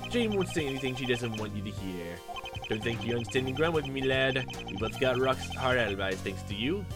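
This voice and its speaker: A man's voice: medium pitch, lively intonation, brisk, natural voice. A smug, taunting older man who needles his questioners with folksy, old-fashioned phrasing, as a man voices him in a game playthrough. Game music plays underneath. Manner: sly, taunting, old-fashioned dialect words.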